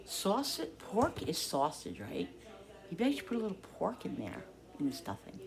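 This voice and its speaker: A woman talking casually to her viewers while cooking in her home kitchen, rambling and thinking out loud as she works. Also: on the low side, huge pitch swings, normal speed, vocal fry, a crowd in the background. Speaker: cooking vlogger. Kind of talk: casual cooking vlog chat.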